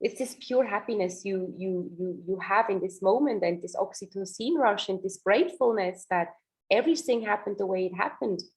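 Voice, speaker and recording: A woman in her thirties, a doula and podcast guest, telling her birth story in an earnest, halting way, often repeating words as she searches for them. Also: medium pitch, low-quality recording.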